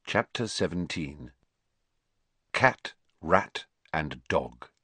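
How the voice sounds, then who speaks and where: A man reading a novel aloud as narrator, with dramatic, expressive delivery. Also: very deep voice, extremely slow, slightly rough, no echo. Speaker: audiobook narrator. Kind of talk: scripted narration.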